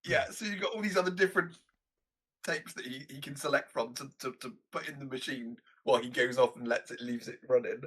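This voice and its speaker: A man co-hosting a movie podcast, talking in halting bursts and laughing often as he recalls scenes. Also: mid-range voice, fairly bright tone, slightly rough. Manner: halting, laughs often, loses his train of thought. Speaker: podcast co-host. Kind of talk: casual movie review chat.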